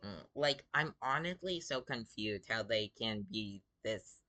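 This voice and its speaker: Slow, bright-voiced young man who is sick. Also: on the low side, expressive. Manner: exasperated, drawling, many "like" fillers. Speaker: gaming video creator. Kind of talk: casual commentary reading out game chat.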